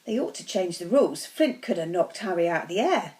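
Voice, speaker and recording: A woman reading aloud and voicing a big, gruff, friendly groundskeeper in a slightly lowered plain voice without an accent. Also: expressive, brisk, darkish tone, close to an everyday voice.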